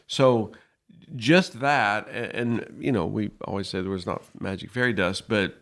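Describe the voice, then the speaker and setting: Podcast co-host, male, low-ish voice, earnest explainer who slips into quoted dialogue. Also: a little slow, fairly bright tone. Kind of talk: casual podcast discussion.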